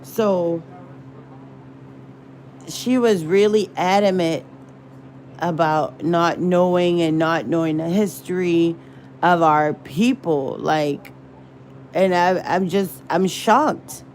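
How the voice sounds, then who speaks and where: A woman's voice: lowish voice, steady tone, takes it slowly, long pauses, darkish tone, a little hiss or hum. A woman rambling and searching for words in a casual livestream chat. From American South. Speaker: livestream host.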